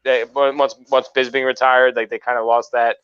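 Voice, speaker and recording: A man's voice: mid-range voice, little pitch movement, brisk, fairly bright tone, clean tone. Hesitant male guest, dull lo-fi audio. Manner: hesitant, filler-heavy, profane. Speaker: podcast guest. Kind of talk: casual chat.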